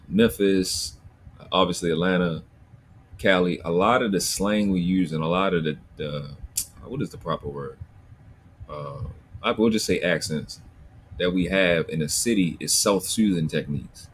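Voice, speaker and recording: Profane Baltimore man, very deep voice. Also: slight background noise. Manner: profane, blunt, animated ranting. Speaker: livestream host. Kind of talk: casual livestream chat reading comments.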